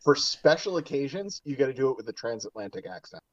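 A man guesting on a casual hobby podcast, relaxed and enthusiastic, laughing easily. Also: medium pitch, fast, muffled recording.

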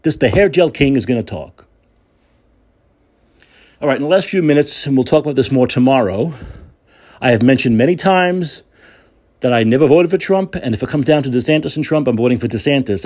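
A man's voice: mid-range voice, lively intonation, fairly quick, darkish tone. A man hosting a political talk show, delivering an angry, sarcastic and profane rant.

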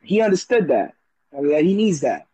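High husky man, slangy storyteller. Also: big pitch swings, normal speed, warm tone, dry recording. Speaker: show participant. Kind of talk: casual chat. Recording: dull, dry lo-fi audio.

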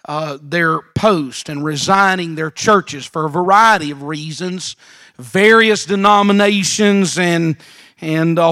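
A man with a fairly high voice delivers a sermon in an unhurried, drawn-out way. He speaks deliberately, pausing and doubling back on words as he builds his point at a church service. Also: a bit bright. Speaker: preacher.

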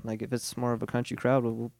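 A man's voice: mid-range voice, completely flat delivery, fast, a little mellow, dry recording. A man from a reggae band chatting as a podcast guest, laid-back and rambling, swearing now and then. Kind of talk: casual chat.

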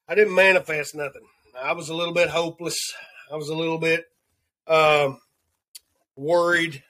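Earnest Southern man, raised pitch. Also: fairly bright tone. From Southern United States. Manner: earnest, rambling, repeats words when searching. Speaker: podcast host. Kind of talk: devotional segment of a talk show.

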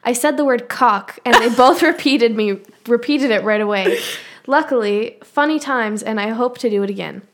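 A woman's voice: a little high, normal speed. A woman co-hosting a podcast in casual chat, reading listener emails aloud with wry, dry teasing. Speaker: podcast co-host reading fan mail.

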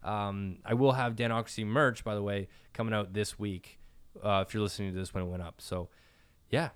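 A man's voice: on the low side, steady tone, brisk, smooth. A young man from Canada hosting a casual podcast, telling rambling stories full of "like" fillers, close to the mic. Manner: rambling storyteller, lots of "like" fillers. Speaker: podcast host.

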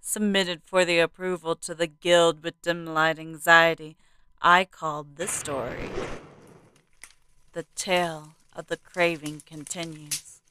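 A woman hosting a podcast and narrating a horror story in a hushed, suspenseful manner. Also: sits low, flat delivery, takes it slowly, a little hiss or hum.

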